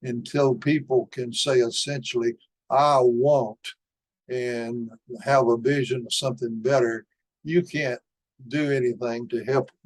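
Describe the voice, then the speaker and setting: An older man giving a conference lecture, talking slowly and deliberately through study results, with frequent pauses on "uh". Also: medium pitch, fairly even intonation, poor audio. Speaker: conference speaker.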